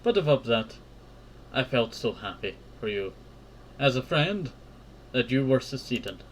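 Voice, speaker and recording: A man reading the lines of a tender, loyal young woman friend in a visual novel game, gently and reassuringly, in an everyday voice. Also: medium pitch, slight background noise, natural voice, rough recording.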